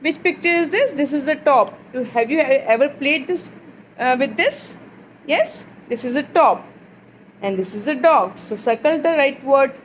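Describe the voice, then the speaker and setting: A woman's voice: sits high, lively intonation, normal speed, slight background noise, rough recording. A woman teacher, leading a phonics lesson for young children and drawing out the letter sounds in a sing-song way.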